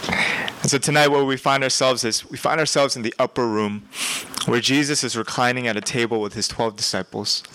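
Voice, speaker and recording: A young man giving a sermon in a conversational, animated way, with emphatic repetition. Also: mid-range voice, brisk, low-quality recording. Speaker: preacher.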